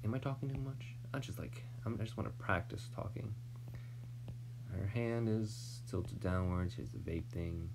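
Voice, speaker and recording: A man's voice: on the low side, moderate pace, gravelly, noisy background. An American man thinking aloud while he draws, mumbling, trailing off into near-whispers and tossing in self-deprecating asides. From United States. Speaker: artist drawing on stream.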